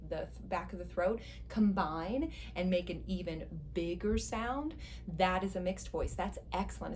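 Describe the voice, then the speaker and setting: Encouraging woman voice teacher, lowish voice. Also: a little hiss or hum. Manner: encouraging, guides step by step. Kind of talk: instructional voice lesson.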